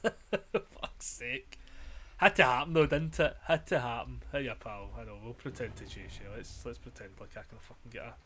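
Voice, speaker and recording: A man's voice: medium pitch, normal speed, fairly bright tone. A man commentating his own gameplay casually, exasperated and self-mocking, swearing constantly, his throat strained and frazzled. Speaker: gamer streamer.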